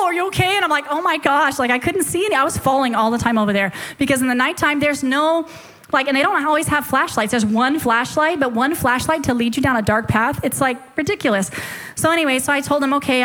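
A young adult woman giving a sermon testimony to a church congregation, telling her story with animated, quick self-quoted asides. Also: on the high side. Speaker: speaker sharing a testimony. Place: church service before a congregation.

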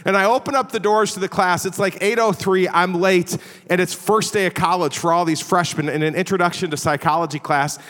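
Bright-voiced middle-aged preacher in a hall. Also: male voice, high-pitched, fairly even intonation, fairly quick. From Chicago area, USA. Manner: self-deprecating, conversational, often adds "all right?". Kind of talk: storytelling sermon. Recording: long reverb of a big hall.

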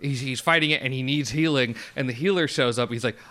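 A young man co-hosting a casual anime review chat, excitable and swearing freely as he acts out scenes. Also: mid-range voice, quick pace. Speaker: podcast co-host.

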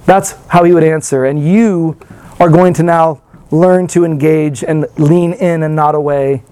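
Male preacher with a high voice and a loose, chatty delivery full of rhetorical questions. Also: warm tone, clear, resonant tone, no echo. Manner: conversational, many rhetorical questions and fillers. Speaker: pastor. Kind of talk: sermon.

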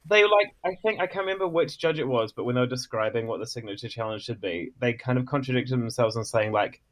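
Kiwi bloke, mid-pitch, calling in remotely, lots of "like", playful podcast chat. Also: male voice, quick pace, fairly bright tone. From New Zealand. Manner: chatty, filler-heavy, playfully vain storyteller. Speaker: podcast co-host. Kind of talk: casual chat.

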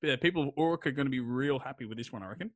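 A podcast host, a man, retelling an old epic in a rambling, crude, jokey way, slipping into quick voices for the characters. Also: mid-range voice, dry recording. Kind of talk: casual storytelling chat.

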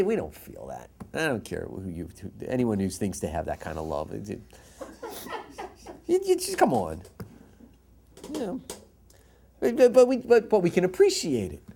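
Rabbi type, male, lively swooping delivery, emphatic repeats, quotes Hebrew, jokey with the room. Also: on the high side. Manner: passionate and jokey. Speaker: rabbi teaching a class. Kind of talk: Torah lecture to a live audience.

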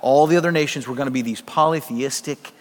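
A man's voice: medium pitch, fast talker, in a large hall. A man preaching a sermon as pastor, in a conversational style with storytelling asides.

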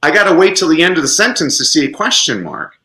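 Animated man in an echoey room. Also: fast talker. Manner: lively, expressive, sweeps into high pitch for emphasis. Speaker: podcast guest, educator. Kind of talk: animated interview talk.

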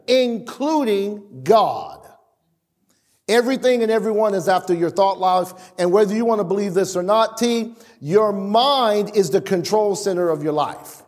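A man preaches in a church, his voice pitched high. He delivers an animated sermon, stammering through restarts and acting out quotes. Long reverb hangs in the sanctuary. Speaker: pastor.

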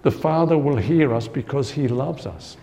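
Man preaching in a mellow, conversational tone. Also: mid-range voice, normal speed, gravelly. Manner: conversational preaching, repeats key phrases, frequent "you know". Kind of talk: sermon.

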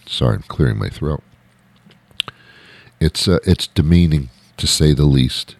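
A man's voice: rumbling low, expressive, slow, gravelly, pauses often, breathy edge, no room sound. A man delivering an exasperated, comic rant with lots of repetition and restarts. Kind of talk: ranting monologue.

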